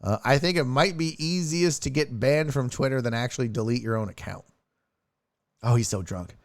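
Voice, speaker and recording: A man's voice: medium pitch, moderate pace, dry recording, clean studio sound. A man hosting a live sports stream, ranting and laughing his way through tweets in casual, profane chat. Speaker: streaming sports show host.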